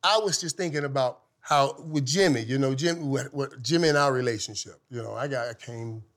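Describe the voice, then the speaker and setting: A man telling stories as a guest, animated and laughing, swinging from loud outbursts to hushed tones. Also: medium pitch, brisk. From from Saint Thomas. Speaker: guest, former football player. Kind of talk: casual storytelling.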